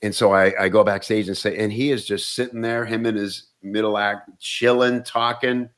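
A comedian and actor telling stories in casual chat, animated and often restarting words. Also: male voice, lowish voice, normal speed.

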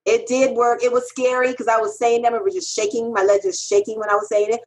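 A woman's voice: fast talker, low-quality recording. A middle-aged woman, a freelance copywriter, telling stories in an interview in a candid, emphatic way. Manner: animated, emphatic, pitch jumps when quoting herself.

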